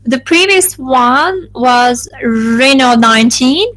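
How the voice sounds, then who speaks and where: A woman interpreting a focus group live, in a halting delivery full of restarts and self-corrections. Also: on the high side, fairly bright tone, low-quality recording.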